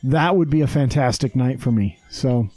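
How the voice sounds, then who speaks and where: A man's voice: medium pitch, moderate pace, dark tone, no room sound. A man hosting a casual podcast, rambling and swearing freely, with lots of fillers. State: hyped on energy drinks. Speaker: podcast host. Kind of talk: casual chat.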